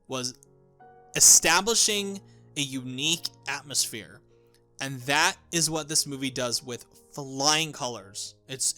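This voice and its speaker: A young man with a medium-pitched, sharp-toned voice gives a casual, rambling spoken review of a movie. He keeps restarting his sentences and swears along the way.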